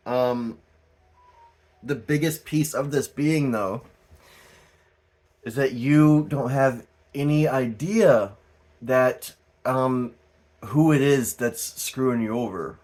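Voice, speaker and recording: Male tarot reader host, slow and drawn-out delivery, casual and animated, laughing and swearing. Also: mid-range voice. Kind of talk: casual tarot reading monologue.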